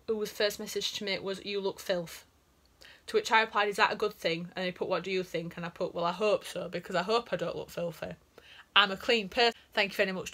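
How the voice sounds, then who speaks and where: A young woman vlogs in a casual, chatty way, reading out messages one after another. She giggles often, and her voice sits at an ordinary middle pitch. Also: sharp tone. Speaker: vlogger.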